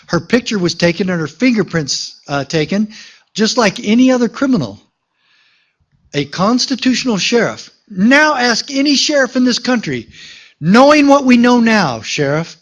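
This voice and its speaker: High-voiced man giving an emphatic rally speech. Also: dull audio. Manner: emphatic, storytelling, calls out to the crowd. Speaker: sheriff giving an endorsement speech. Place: outdoor park gathering.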